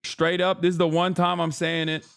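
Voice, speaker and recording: Male streamer, high pitch, dry close mic, casual profane ranting. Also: level tone, normal speed, vocal fry, a bit bright, smooth, no echo. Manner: ranting, profane, mocking voices in bursts. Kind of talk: casual livestream commentary.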